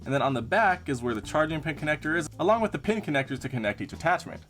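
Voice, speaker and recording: A man's voice: on the high side, animated, rapid-fire, fairly bright tone, soft background music. A man hosting a product review vlog, talking casually and upbeat while demonstrating the gear hands-on. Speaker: tech reviewer. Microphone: clip-on lavalier.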